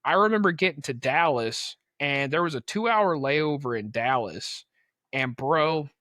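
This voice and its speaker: A man's voice: fairly high pitch, animated, unhurried, sharp tone, dry recording, studio quality. A young man on a podcast telling a story in a casual, slangy way, acting out the people he quotes. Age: young adult. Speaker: podcast co-host.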